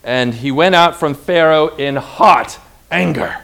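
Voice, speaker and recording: A man preaching a sermon in an emphatic, animated way, retelling Bible stories. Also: fairly high pitch, takes it slowly, creaky.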